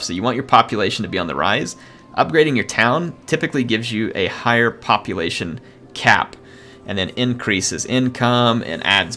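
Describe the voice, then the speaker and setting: A man with a low-set but bright, forceful voice commentates his live gameplay stream, his pitch bouncing around animatedly. He chats loosely and excitably, explaining the game as he goes. Faint game music plays underneath. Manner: chatty, excitable, thanks viewers. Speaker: gaming streamer.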